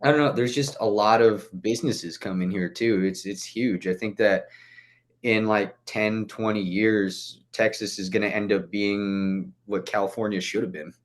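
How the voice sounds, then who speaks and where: A man's voice: on the low side, steady tone, normal speed. A young man chatting as a podcast guest, rambling with lots of "like" fillers and casual swearing. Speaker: guest musician.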